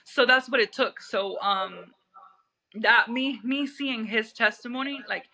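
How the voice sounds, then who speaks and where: A woman's voice: a little high, a little slow, bright, forceful tone, rough recording. A woman from Puerto Rico, in her thirties, telling her life story as an interview guest, rambling with many restarts and fillers.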